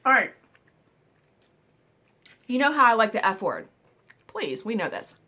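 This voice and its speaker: A woman hosting a casual storytelling vlog, animated and exclamatory, swearing now and then while she eats. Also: fairly high pitch, unhurried. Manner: eating while talking. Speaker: vlog host.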